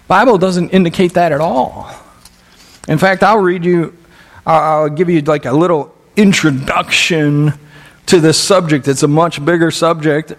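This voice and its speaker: A man preaching a sermon in a church, earnest, swinging between passionate emphasis and soft pleading. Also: fairly high pitch, long reverb tail. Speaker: pastor. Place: church sanctuary.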